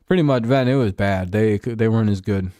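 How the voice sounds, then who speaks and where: A man's voice: fairly low pitch, fairly quick, mellow, no echo. A man chatting casually on a livestream about sports, rambling, swearing and chuckling as he answers his chat. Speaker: streamer.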